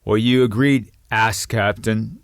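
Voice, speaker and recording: Man doing a brash mocking young guy, low and dry. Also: fairly even intonation, slow, clean tone, no echo. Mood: sarcastic. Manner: mocking, blunt.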